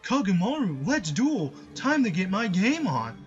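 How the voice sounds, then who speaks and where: A man's voice: sits high, very animated, measured pace, lo-fi sound, faint music behind, pitched above the performer's own voice. A man voicing an eager young male hero duelist in an upbeat, raised voice.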